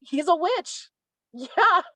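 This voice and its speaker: A young woman from Savannah, a guest in a casual conversation, animated as she tells stories and acts out what others said. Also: very high voice, drawn-out words, no echo, low-quality recording. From Savannah, Georgia, US. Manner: animated storyteller, acts out quoted speech.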